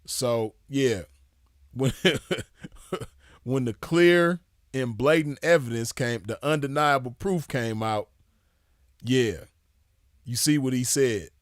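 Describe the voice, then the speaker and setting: A man's voice: medium pitch, no echo, clean studio sound. A man giving casual commentary in a loose, drawling way, with a scornful edge.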